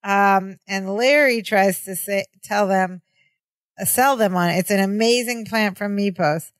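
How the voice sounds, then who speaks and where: A woman's voice: medium pitch, a little slow, no room sound. A woman co-hosting a podcast, recapping a sitcom episode in casual chat and reading out dialogue. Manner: chatty, plays out dialogue. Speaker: podcast co-host.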